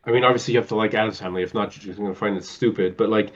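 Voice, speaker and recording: A man's voice: on the low side, fairly even intonation, very fast, highs cut off. A man co-hosting a casual movie chat, rambling with many fillers and acting out quotes in a theatrical voice. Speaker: podcast co-host.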